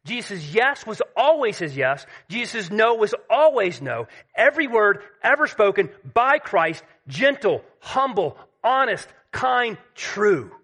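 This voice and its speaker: Bright-voiced emphatic male preacher. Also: high voice, very animated, measured pace, few pauses, husky. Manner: emphatic, dropping to a hush at key points. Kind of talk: sermon.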